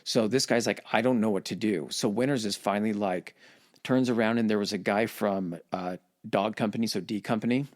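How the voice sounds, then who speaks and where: Casual low-voiced man retelling history. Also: steady tone, a little fast. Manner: swears, acts out quotes in voices. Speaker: podcast host.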